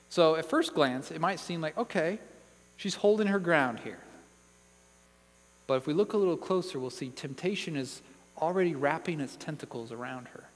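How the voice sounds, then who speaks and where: Male pastor, slightly high voice, earnest and emphatic sermon delivery, long hall reverb. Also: moderate pace, pauses often. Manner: earnest, emphatic Bible teaching with read-out verses.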